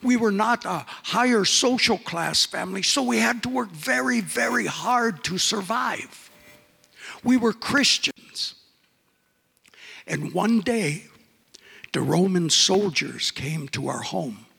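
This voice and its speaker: A sparkling-eyed girl of twelve, as a storyteller puts her on, asking her questions with earnest curiosity. The voice has a raspy edge and a long, hall-like echo. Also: high voice, expressive, slow, bright, forceful tone, exaggerated voice. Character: cheerful young girl of twelve, bright-eyed and friendly.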